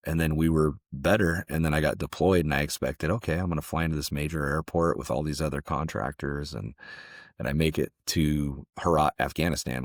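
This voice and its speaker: A man's voice: rumbling low, no room sound, clean studio sound. A man from Southern California, a former security contractor, telling stories as a guest in a casual interview, loose and conversational with frequent restarts.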